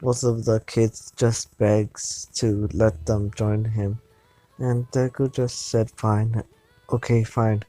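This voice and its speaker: Slow, halting man telling a fan story. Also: fairly low pitch, level tone, mellow, no echo, faint music behind, low-quality recording. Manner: halting, with restarts and repeated words. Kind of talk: improvised fan-fiction narration.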